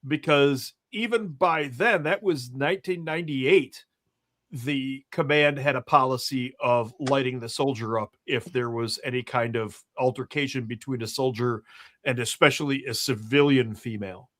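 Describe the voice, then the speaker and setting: A man's voice: medium pitch, moderate pace, fairly bright tone. A man co-hosting a podcast, telling an army story bluntly with swearing. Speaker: podcast host, army veteran. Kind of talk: casual podcast chat.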